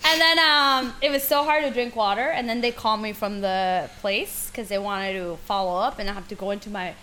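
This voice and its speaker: A young woman on a podcast telling a story casually, animated and acting out the quoted voices, laughing often. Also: medium pitch, brisk, slight background noise. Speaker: podcast co-host.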